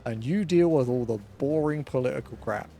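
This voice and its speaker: A man's voice: mid-range voice, a little fast, vocal fry, dark tone, faint music behind. A man streaming a video game, chatting casually and laid-back, swearing and chuckling often. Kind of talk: casual gaming commentary.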